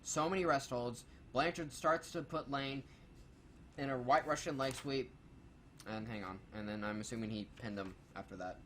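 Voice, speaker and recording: A man of ordinary pitch runs through a wrestling review from his notes, with a loose, profane and sarcastic delivery. A faint hiss of noise sits under his voice. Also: normal speed, a bit bright. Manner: reads notes aloud, swears freely, sarcastic. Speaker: co-host reviewing a wrestling show. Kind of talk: casual, profane review commentary.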